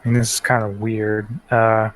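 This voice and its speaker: A man's voice: fairly low pitch, monotone, a little hiss or hum. A man playing a tabletop game, hesitant and a little bashful as he reads his turn. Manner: slow, hesitant, bashful laughs. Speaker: player. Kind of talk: casual tabletop play.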